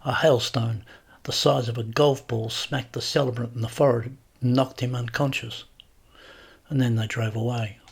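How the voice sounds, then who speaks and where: A man reading a comic short story aloud with wry, deadpan narration. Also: mid-range voice, moderate pace, creaky, breathy edge.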